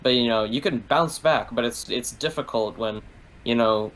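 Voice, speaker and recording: A man telling a long tangent in relaxed gaming chat, his voice at an ordinary middle pitch. He keeps piling on "like" and drops swear words without pause. It sounds loose and unscripted. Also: low-quality recording. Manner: rambling, heavy use of "like", swears freely. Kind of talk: casual gaming talk.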